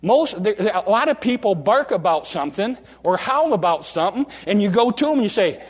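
A man with a high voice preaches in a folksy, animated way, drawing out key phrases and stumbling through quick restarts. His voice rings through a large church with long reverb trailing after each line. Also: breathy edge. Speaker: pastor. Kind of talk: sermon. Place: church sanctuary.

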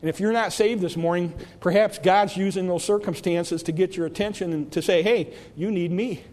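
A man preaching a sermon as a pastor, swinging from impassioned shouting down to hushed, pleading repetition. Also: high-pitched, steady tone, brisk. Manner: rises to impassioned shouts, drops to hushed pleas. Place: church sanctuary. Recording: long reverb of a church hall.

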